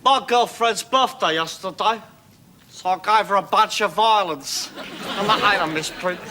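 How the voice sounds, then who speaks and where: A man's voice: sits high, unhurried, sharp tone, a faint crowd. A man playing a crude cockney punk who tells gags, brash and cackling, in a sketch comedy monologue.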